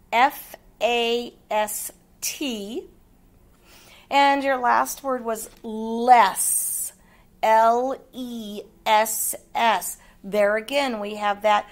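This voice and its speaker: A woman teacher with an American Midwest accent giving a phonics lesson to young children, patiently spelling words out letter by letter. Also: a little high.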